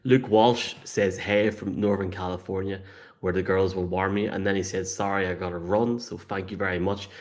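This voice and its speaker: A man's voice: deep voice, fairly even intonation, moderate pace. An Irish man co-hosting a live show, joking around and reading out listener messages. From Ireland. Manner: jokey, laughs easily. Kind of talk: casual live show chat.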